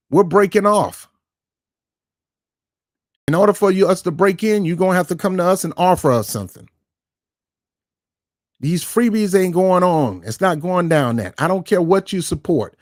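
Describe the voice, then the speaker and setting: Guy going off on his own channel, pushy and repeats himself for punch, kinda high voice. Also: dry recording, clean studio sound. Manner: emphatic, confrontational, repeats words for stress. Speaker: YouTube commentary host. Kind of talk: ranting political commentary.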